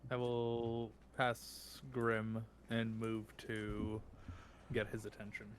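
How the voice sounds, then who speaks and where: A man playing in a tabletop game, describing his actions in a measured, deliberate way. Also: fairly low pitch, completely flat delivery, a little hiss or hum. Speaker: player.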